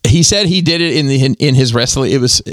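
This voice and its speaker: A man with an ordinary middle pitch chats casually on a podcast. He is wry and talks through news in loose, meandering asides. His voice sounds dry and close. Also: fast, no echo. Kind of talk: casual chat.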